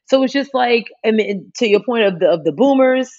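A woman in casual chat, talking in an animated, rambling way with many fillers. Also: on the high side, a little fast, dull audio.

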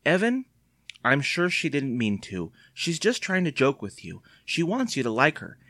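A man's voice: a little high, huge pitch swings, moderate pace, no echo, studio quality, voice pushed up, full character voice. A man playing a nervous, coaxing mother. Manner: pleading, coaxing, sometimes sharp. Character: anxious, stern mother, middle-aged woman.

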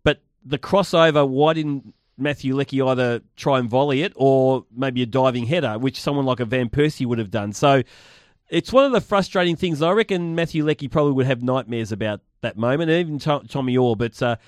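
A man's voice: mid-range voice, a little fast, dry recording. Aussie guy co-hosting footy radio, rambly, chatty, dry close mic. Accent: Australian. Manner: chatty, rambling, laughs easily. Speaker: radio sports show co-host. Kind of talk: casual sports radio chat. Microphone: studio microphone.

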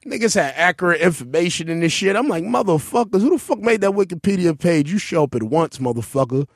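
A man's voice: fast talker, no room sound. Brash profane man, dry room. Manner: brash, profane, animated storytelling with sudden high-pitched outbursts. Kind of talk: casual chat.

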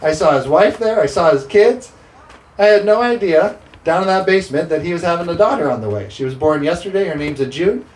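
A man's voice: fairly high pitch, lively intonation, fairly quick, a little mellow. A man preaching a sermon as pastor, emphatic and repeating scripture declarations. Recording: roomy sound with faint ambience.

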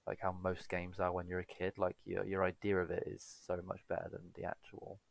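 Gravelly, low-voiced man chatting. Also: monotone, brisk, no room sound. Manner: rambling, self-correcting, laid-back. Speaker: podcast co-host. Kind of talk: casual chat.

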